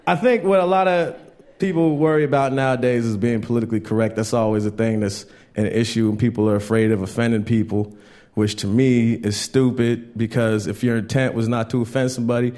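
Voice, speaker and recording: A man performing a stand-up comedy set on stage, telling stories and mimicking people in animated voices. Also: mid-range voice.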